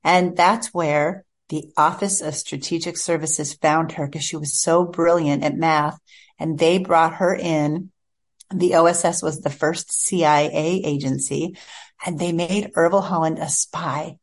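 A woman's voice: low-pitched, fairly even intonation, measured pace. A woman guest author telling a heartfelt personal story in a chatty, earnest way.

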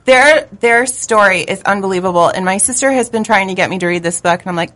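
A woman guest on a book-club podcast, telling stories in a lively, rambling way and laughing often. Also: medium pitch, fast talker, hardly any pauses. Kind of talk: casual chat.

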